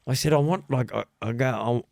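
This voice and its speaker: A man's voice: medium pitch, normal speed, creaky, dry recording, studio quality. A man, host of a casual podcast chat, telling stories with lots of swearing and acted-out dialogue. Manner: animated storytelling, heavy swearing, acts out quoted dialogue.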